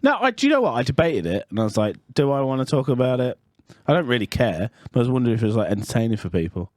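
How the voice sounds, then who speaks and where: A man's voice: medium pitch, sing-song, rapid-fire, dry recording, clean studio sound. A man co-hosting a podcast, telling rambling personal stories in casual chat. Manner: chatty, rambling storyteller with restarts. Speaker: podcast co-host.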